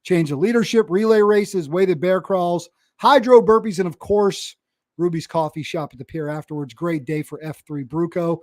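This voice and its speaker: A man co-hosting a podcast in casual, bantering chat, reading out listener shout-outs. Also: high-pitched, moderate pace, no room sound, studio quality. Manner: upbeat, bantering, reads listener names. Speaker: podcast co-host.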